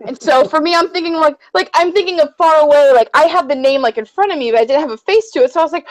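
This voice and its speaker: Excitable high-voiced woman co-host. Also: fast, hardly any pauses, low-quality recording. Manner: excitable, gushing fangirl energy, rambling. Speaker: podcast co-host. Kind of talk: casual chat.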